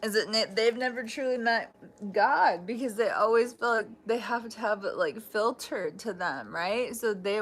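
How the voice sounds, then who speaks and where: Giving a relaxed live tarot reading, this woman is talkative and frank, cursing freely and breaking into laughs, with restarts and unfinished thoughts. Her mid-range voice is fairly bright, with a slight hiss or hum.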